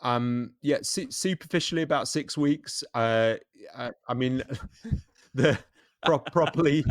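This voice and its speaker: A man's voice: mid-range voice, unhurried, dry recording, clean studio sound. A man from Birmingham with an English accent, a pastor chatting as a guest on a podcast, laughing easily. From Birmingham, England. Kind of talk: casual chat.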